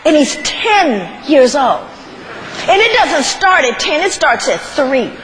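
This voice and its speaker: Animated high-voiced woman lecturing. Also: takes it slowly. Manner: animated, laughing, questioning the audience. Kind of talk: public lecture to a live audience. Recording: noisy live recording.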